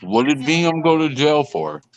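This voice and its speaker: A man's voice: a little high, animated, moderate pace, lo-fi sound. A man hosting a live podcast, chatting easily and joking about sports. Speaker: podcast host. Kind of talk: casual live-stream chat.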